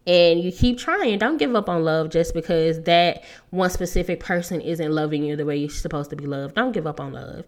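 A woman's voice: fairly low pitch, moderate pace, few pauses. Laughing, earnest woman podcaster. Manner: laughs often, emphatic and earnest. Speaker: podcast host. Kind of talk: casual solo podcast monologue.

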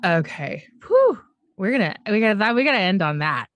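A woman's voice: mid-range voice, expressive, quick pace, dry recording. A woman hosting an interview podcast, effusive and chatty, with frequent fillers. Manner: warm and effusive, with many fillers. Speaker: podcast host. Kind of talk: casual interview conversation.

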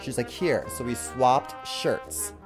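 Young guy, casual storyteller, lively pitch, rambles with fillers, soft music behind. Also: takes it slowly. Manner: rambling, lots of fillers and quoted dialogue.

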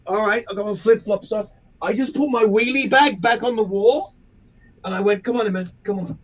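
A man telling stories in casual chat, profane and animated, acting out other people's voices. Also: high-pitched, normal speed. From England.

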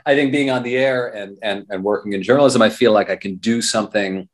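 A man's voice: lowish voice, brisk. A man, a radio journalist and performer, chatting as an interview guest, rambling with frequent restarts. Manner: rambling, many restarts and fillers. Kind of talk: casual interview talk.

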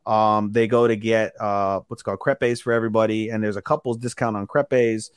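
A man co-hosting a podcast, casually recapping an episode with animated delivery and quick bits of acted dialogue, swearing freely. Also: lowish voice, clean tone, dry recording. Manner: animated recapping, acting out characters' lines in quick put-on voices, swears freely. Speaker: podcast co-host. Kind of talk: casual chat.

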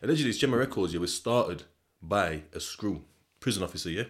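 This young man's voice is low-pitched, expressive, and a little fast as he hosts a solo podcast. The talk is loose and rambling, peppered with slang, curses, and frequent laughter.

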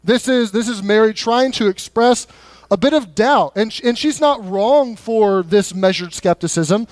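A male pastor preaching a sermon in a church in a conversational, animated way, often repeating words as he goes. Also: high voice, unhurried, no echo. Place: church sanctuary.

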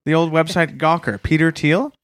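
A man co-hosting a comedy podcast, chatting casually with a deadpan joking manner. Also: a little high, moderate pace, dry recording. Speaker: podcast co-host.

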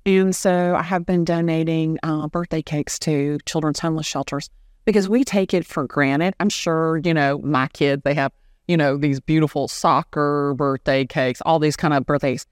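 A middle-aged woman, an animated storyteller who acts out the dialogue she quotes. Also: deep voice, normal speed, smooth, no room sound, clean studio sound. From Southern US. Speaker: guest, real estate agent. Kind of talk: storytelling in an interview.

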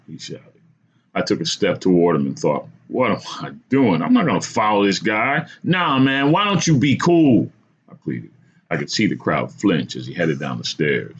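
Deep husky man telling a story. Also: highs cut off. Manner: dramatic, vivid storytelling. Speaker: podcast host. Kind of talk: storytelling narration.

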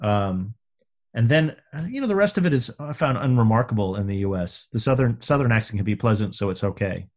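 A man's voice: fairly low pitch, expressive, a little fast, darkish tone. A man interviewing a guest in casual conversation, rambling and hesitant with many fillers.

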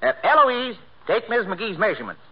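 A man's voice: sits high, very animated, normal speed, breathy edge, exaggerated voice. An actor playing a folksy, joking small-town male tailor in 1940s radio comedy, with a drawling, homespun way of talking. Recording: muffled old radio transcription.

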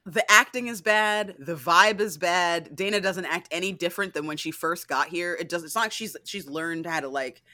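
A woman talking in a bright, forceful voice, heated and animated, with lots of "like" and "right?" and free swearing. She sounds close to the mic in a dry space with no room echo. This is casual podcast chat from a co-host reviewing a show. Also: on the low side, normal speed, hardly any pauses. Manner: animated, profane, frequent "like" and "right?".

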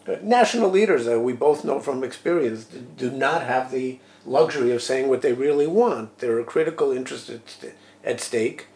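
A man talks through policy in a measured, analytical way, pausing with fillers and restarting his sentences. His voice sits at an ordinary middle pitch. The room around him gives a noticeable echo. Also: a little mellow. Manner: measured, many fillers and self-corrections. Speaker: podcast co-host, former deputy national security advisor. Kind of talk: analytical podcast discussion. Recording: roomy echo.

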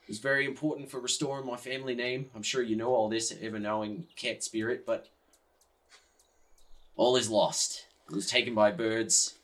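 A man's voice: mid-range voice, steady tone, normal speed, a bit bright, close to an everyday voice. A man voicing an anxious, dramatic caravan leader in a tabletop game, fretful and melodramatic. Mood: mournful.

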